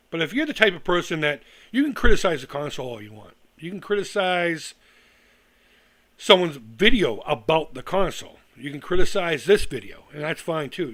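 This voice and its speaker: A middle-aged man vents on a live stream with a voice pitched a little higher than most men. He swears freely, turns sarcastic and trips over his own words as he goes. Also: fairly bright tone. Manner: heated, profane, sarcastic, with restarts. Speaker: retro gaming YouTuber on a live stream. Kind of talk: profane ranting live stream monologue.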